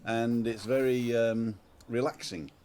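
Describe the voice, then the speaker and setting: A man's voice: mid-range voice, fairly even intonation, slow pace, mellow. Chatty man hosting a balcony livestream. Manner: chatty, reads out viewer names. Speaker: livestream host. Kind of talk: casual live chat. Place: outdoor apartment balcony. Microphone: smartphone livestream.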